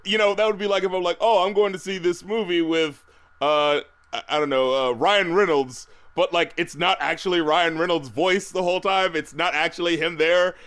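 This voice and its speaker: A man's voice: high voice, fairly even intonation, moderate pace, fairly bright tone, clear, resonant tone. A man hosting a podcast in casual chat, often laughing and acting out quotes. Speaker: podcast host.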